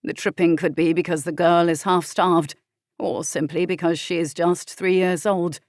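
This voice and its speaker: A woman narrator voicing a kind, earnest young male doctor who speaks gently and firmly in an audiobook. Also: fairly low pitch, steady tone, moderate pace, dry recording, studio quality, close to an everyday voice. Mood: gentle. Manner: gentle, firm and reassuring. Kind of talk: audiobook character voice.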